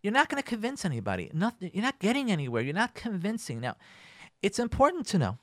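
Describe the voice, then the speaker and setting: Speaking fast, a rabbi with a high, bright voice acts out spousal arguments in an animated radio lecture, his pitch swooping up and down. Hebrew and Yiddish words pop up throughout, and the recording is close and dry, with no room around it.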